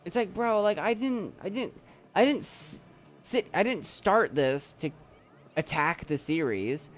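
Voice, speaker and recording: A man's voice: high voice, lively intonation, measured pace. A young man streaming from his desk at home, chatting casually in a rambling, self-doubting way and repeating himself. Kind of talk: casual live-stream chat.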